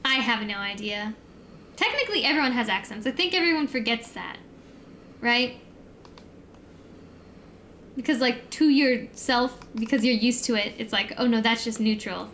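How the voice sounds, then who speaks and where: A young woman streamer from the United States with a neutral American accent rambles through a casual chat, laughing easily and packing her speech with fillers like "like." Her voice is a little high and a bit bright, at a moderate pace with long pauses, and there's slight background noise.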